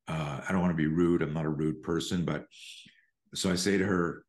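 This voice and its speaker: A man's voice: sits low, moderate pace, reverberant. An older man, a self-defense instructor, telling a story in an interview and acting out the quotes. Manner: animated storyteller, acts out quotes.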